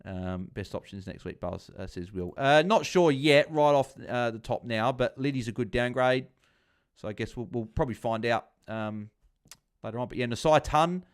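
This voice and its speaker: A man with an ordinary mid-range voice hosts a casual live stream. He reads viewer comments aloud and cheers on his fantasy players between relaxed asides. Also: medium pitch, normal speed, clean tone. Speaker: host of a fantasy football watchalong stream.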